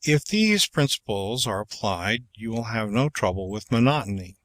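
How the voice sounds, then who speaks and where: A man reading a public speaking textbook aloud as audiobook narration, in a slow, measured way through numbered exercises. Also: fairly low pitch, animated, no room sound.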